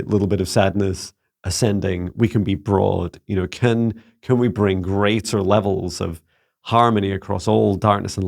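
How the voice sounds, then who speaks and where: A Scottish man, an adult psychic mentor, answering viewer questions in a casual, halting and earnest way with frequent restarts. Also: lowish voice, creaky, a little mellow, no echo, studio quality. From Scotland. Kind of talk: casual spoken Q&A.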